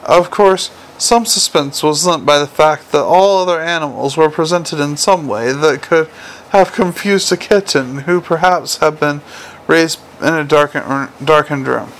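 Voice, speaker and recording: A man reading a novel aloud as narrator, measured, dry and gently wry. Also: a little high, poor audio.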